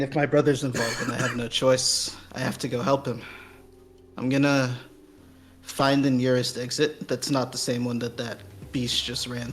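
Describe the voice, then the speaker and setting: A man speaking as a player in a tabletop game, casual and plain-spoken in character. His voice sits at a middle pitch, with faint music playing behind him.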